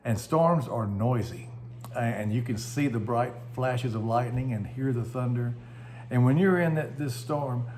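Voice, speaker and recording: A man's voice: medium pitch, a little mellow, slight background noise. A man pastor giving a short devotional message, telling stories in a folksy way that livens up at dramatic moments.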